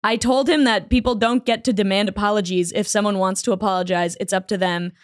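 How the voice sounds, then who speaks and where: A woman's voice: medium pitch, a little fast, no echo, studio quality. A woman co-hosting a casual chat show, reading a letter aloud with frequent laughter and playful put-on voices. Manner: animated, laughs often, puts on silly voices. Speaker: podcast co-host reading a letter.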